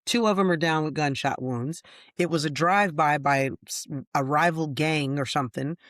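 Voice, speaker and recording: A woman, a retired deputy hosting a podcast, telling on-the-job stories in a steady, matter-of-fact way. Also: deep voice, moderate pace, dry recording, studio quality. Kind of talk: casual storytelling chat.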